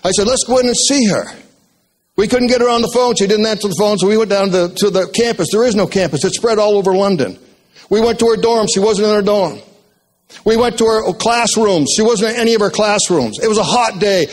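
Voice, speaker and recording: Older man telling folksy stories, high voice. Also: fairly quick. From Maine. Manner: folksy, joking, animated storyteller. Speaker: retired speaker telling life stories. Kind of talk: motivational storytelling talk.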